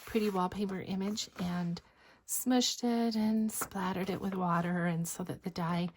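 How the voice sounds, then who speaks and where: Slow, soft-spoken woman half-whispering. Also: medium pitch, steady tone. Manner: gentle, slips into a breathy whisper often. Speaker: craft designer showing a journal. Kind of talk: soft-spoken craft flip-through narration. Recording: faint background noise.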